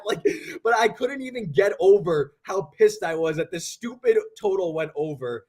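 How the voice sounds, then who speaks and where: Young dude on a betting podcast, kinda high voice, rambling and animated, lots of "like". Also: male voice, normal speed, few pauses. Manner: animated, rambling storytelling with many "like"s. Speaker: sports betting co-host. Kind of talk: casual podcast chat.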